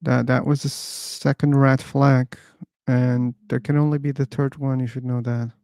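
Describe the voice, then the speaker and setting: Slow-talking man hosting a livestream. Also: medium pitch, flat delivery, warm tone, no echo, studio quality. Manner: slow, halting, reads out chat names. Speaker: livestream host. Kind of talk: livestream wrap-up, thanking chat.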